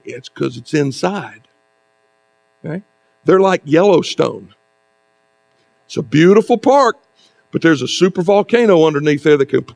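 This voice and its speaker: A male pastor giving a sermon in a conversational preaching style, with rhetorical asides and dramatic pauses. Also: high-pitched, creaky, darkish tone.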